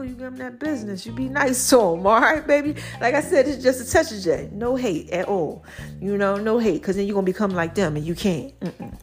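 Sassy podcast woman with a high voice. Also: expressive, brisk, soft background music. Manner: sassy, preachy, sings and squeals some lines. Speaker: podcast host. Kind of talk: casual motivational podcast monologue.

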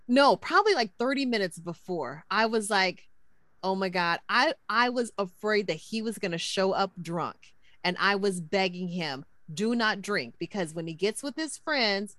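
A woman's voice: mid-range voice, fairly bright tone, no echo. A woman co-hosting a podcast, telling a personal story earnestly and emotionally. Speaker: podcast co-host.

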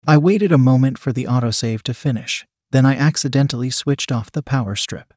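A man narrating fiction in a steady, even reading voice. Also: mid-range voice, normal speed, hardly any pauses, dry recording, studio quality. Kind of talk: audiobook reading of erotic fiction.

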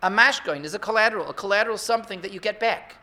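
High-pitched, bright-voiced rabbi giving a sermon. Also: male voice, racing. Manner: rhetorical, builds to excited emphasis. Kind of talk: Torah sermon.

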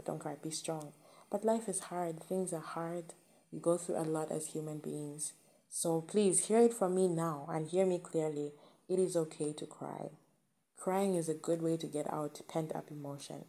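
Low gravelly woman, earnest talk. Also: warm tone. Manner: earnest, emphatic, repeats key phrases. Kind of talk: personal motivational talk.

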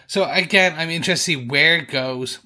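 A man co-hosting a podcast, giving a relaxed, chatty TV episode review. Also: a little high, a little fast. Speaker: podcast co-host. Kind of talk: casual chat.

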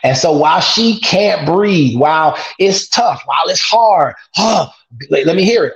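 A man speaking as a guest on a casual podcast. He talks about being a father, in an energetic, repetitive, motivational way. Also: sits high, measured pace. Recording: echoey, dull lo-fi sound.

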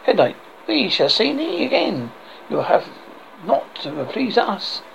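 A man's voice: high voice, wildly swooping pitch, slow, creaky, fairly bright tone, exaggerated voice. A man voicing a stern, haughty knight leader issuing demands, on a dull lo-fi recording with faint hiss. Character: stern male leader of eerie forest knights.

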